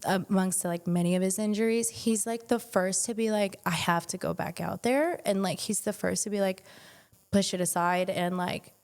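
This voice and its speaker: A woman's voice: mid-range voice, steady tone, moderate pace, darkish tone. A young woman on a podcast, casually telling a personal story, peppered with "like" and swearing. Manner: chatty, frequent "like", swearing. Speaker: podcast guest.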